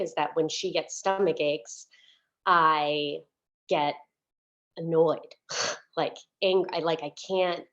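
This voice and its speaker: A woman minister giving a sermon as a candid, chatty personal story, with many fillers and restarts, at times close to tears. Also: on the low side. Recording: dull lo-fi recording.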